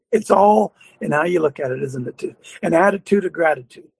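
Gravelly, high-voiced older preacher-host. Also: male voice, lively intonation, normal speed, darkish tone, no echo. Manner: fervent, preachy, laughs often. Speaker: radio talk show host. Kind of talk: Christian call-in talk show.

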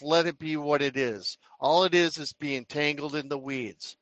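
A man on a faith talk call speaks earnestly, almost like he is preaching. His voice is slightly high and dry, with no room sound. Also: normal speed, a bit bright, no echo, low-quality recording. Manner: earnest, sermon-like. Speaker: caller.

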